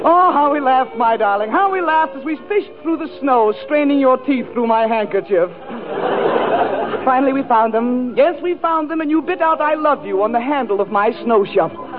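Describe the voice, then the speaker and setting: A man's voice: very high-pitched, animated, normal speed, a loud crowd, very noisy. A man performing a 1940s radio comedy monologue, declaiming in an overwrought mock-romantic way. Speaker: comedy show regular. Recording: tinny old radio broadcast. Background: orchestra and studio audience.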